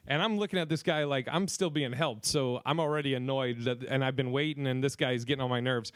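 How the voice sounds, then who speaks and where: A man's voice: on the high side, fairly even intonation, fairly quick, hardly any pauses, clean tone, no echo. A man co-hosting a podcast, telling a rambling, profane anecdote in casual chat and acting out the other people's lines. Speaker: podcast co-host.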